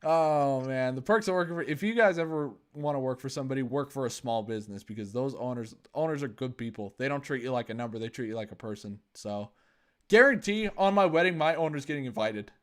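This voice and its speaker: A man's voice: medium pitch, animated, fast talker. A young man hosting a podcast, telling a story in casual chat with sarcasm and frequent laughter. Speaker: podcast host.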